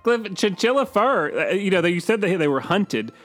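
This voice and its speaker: Dry joking co-host dude, kinda high voice, music in the back. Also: male voice, very animated, normal speed, a bit bright. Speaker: podcast co-host. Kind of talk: casual comedic chat.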